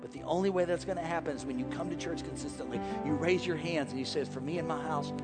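A man in his forties preaching a sermon as pastor, energetic and folksy, jumping from shouts to hushed, joking asides. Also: fairly high pitch, fast, long reverb tail, loud music behind the voice. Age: 40s. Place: large church hall with congregation.

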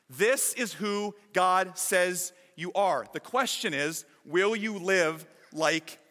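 His voice high, bright and forceful, a pastor delivers a spirited, emphatic sermon to the congregation. A long reverberation from the big church hall trails each phrase.

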